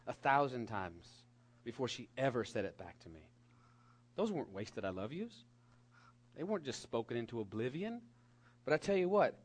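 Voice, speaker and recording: A middle-aged man preaching a sermon to young people, animated and emphatic, dropping at times to a soft whisper. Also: on the high side. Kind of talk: sermon to a youth congregation.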